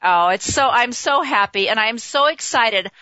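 A woman's voice: a little high, animated, normal speed, bright, forceful tone, dry recording, lo-fi sound. A woman in her fifties hosting an internet radio talk show, effusive and rambling. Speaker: host.

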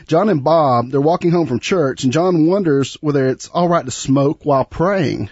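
A man's voice: a little high, moderate pace, darkish tone, slightly rough, dry recording, dull audio. A man hosting a radio talk show, chatty and prone to repeating words. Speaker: host.

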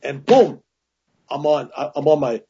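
Man, very husky voice, rambling storyteller, restarts often, muffled lo-fi sound. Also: fairly high pitch, lively intonation, measured pace, warm tone. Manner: rambling, with frequent restarts and asides. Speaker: guest telling a personal story. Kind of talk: casual spoken storytelling. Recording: dull lo-fi recording.

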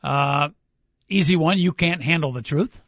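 Upbeat radio host, slightly higher voice. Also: male voice, a little slow, a bit bright, dry recording. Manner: upbeat quizzing, reads lines aloud, laughs easily. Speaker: radio sports talk host. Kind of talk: casual radio chat. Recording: dull dry studio sound.

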